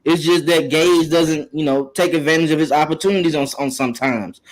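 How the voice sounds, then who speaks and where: A man's voice: a little high, a little fast, low-quality recording. A man co-hosting a casual sports chat, emphatic and pleading as he talks. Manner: emphatic, pleading, says bro a lot. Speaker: co-host.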